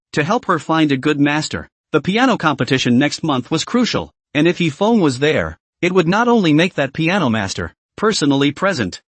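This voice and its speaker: A man reading a scripted story recap narration in a lively, expressive way. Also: on the high side, no room sound.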